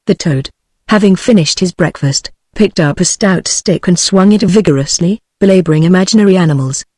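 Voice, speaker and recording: A woman's voice: fairly low pitch, dry recording. British synthetic woman narrating a book. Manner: even, measured synthetic reading. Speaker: audiobook narrator. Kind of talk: text-to-speech book reading. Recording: dry synthetic voice.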